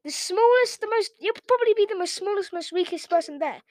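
English woman, very high voice, dry close sound, sarcastic reaction rant. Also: expressive, a little mellow, dry recording. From England. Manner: sarcastic and mocking, quick rants. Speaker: reaction video host. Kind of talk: casual ranting commentary.

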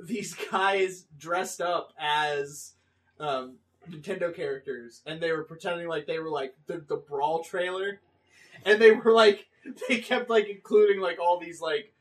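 A man in casual podcast chat, an animated storyteller who laughs often. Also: fairly high pitch, measured pace.

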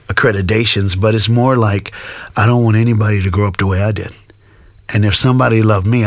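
A middle-aged man speaks in a low, grounded voice. He tells his story earnestly, leaning on repeated phrases for emphasis. The sound is dry and close, with no room around it. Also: no echo. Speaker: school speaker and guest. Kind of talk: storytelling in an interview.

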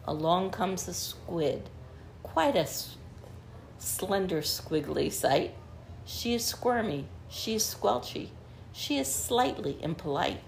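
Woman, picture-book read-aloud, slow, low pitch, faint background noise. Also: vocal fry. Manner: slow expressive rhythmic reading. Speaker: guest reader.

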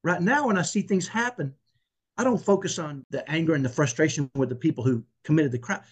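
Podcast guest: earnest, preacherly man with a high, husky voice. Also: fairly quick. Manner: earnest, emphatic, preacherly, repeats himself. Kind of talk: conversational faith interview.

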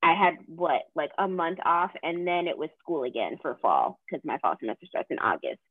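A woman in her twenties from the American South, a counseling graduate student, co-hosting a podcast and chatting casually with lots of fillers and lively retold quotes. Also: sits low, normal speed, no room sound, narrow, tinny audio. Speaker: podcast co-host. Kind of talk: casual chat.

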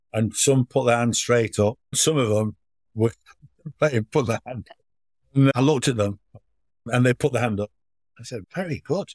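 Man telling warm anecdotes in a dry, close recording. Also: mid-range voice, normal speed, pauses often, no echo. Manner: anecdotal, acts out children's voices in his stories. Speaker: charity foundation chief executive, guest. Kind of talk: relaxed interview storytelling.

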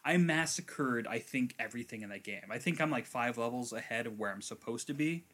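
A man chatting casually as a podcast co-host, telling stories with animated quoted voices and casual swearing. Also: brisk. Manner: animated storyteller, acts out quotes with big pitch jumps; swears casually, many fillers. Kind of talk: casual chat.

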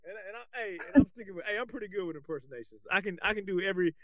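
A man with a fairly high voice co-hosts a casual podcast, talking with loose, animated energy and frequent restarts. The sound is close and dry, with no room behind it. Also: rapid-fire, no room sound. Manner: animated, colloquial, restarts often. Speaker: podcast co-host, basketball coach.

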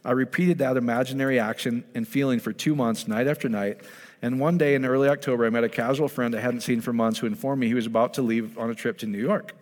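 A man preaching a sermon in a lively storytelling way, acting out the voices of the people he talks about. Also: mid-range voice, fast. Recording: long hall reverb.

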